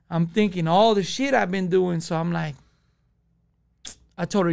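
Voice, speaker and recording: A man's voice: high voice, animated, normal speed, vocal fry. A man, telling a story as a podcast guest in profane street slang. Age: 20s. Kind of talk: casual storytelling.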